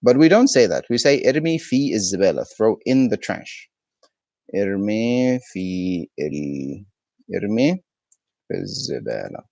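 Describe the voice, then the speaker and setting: A man's voice: lowish voice, sing-song, fairly quick, vocal fry, darkish tone, no echo. A man teaching his language on a live stream, explaining patiently and answering viewers' questions. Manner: explains patiently, answers chat questions, frequent "okay?" and hums. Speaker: Arabic teacher.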